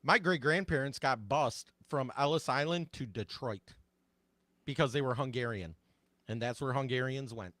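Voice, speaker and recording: A man's voice: mid-range voice, normal speed, fairly bright tone, dry recording. A man co-hosting a casual talk show, speaking plainly and chiming in with agreement. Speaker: co-host.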